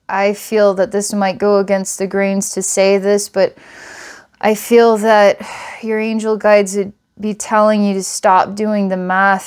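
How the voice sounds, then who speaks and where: A woman giving a channeled psychic reading, rambling and giggling often, then dropping to a soft, hushed tone. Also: smooth. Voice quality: giggly, rambling, frequent laughs and restarts. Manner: lively and emotional, softens to a hushed low tone. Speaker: psychic reader.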